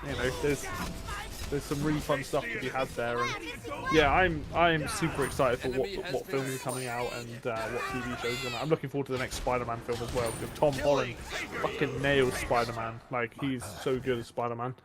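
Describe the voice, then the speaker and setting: Male streamer, casual chat, enthusiastic rambler, mid pitch. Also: fairly even intonation, a little fast. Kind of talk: casual chat while gaming.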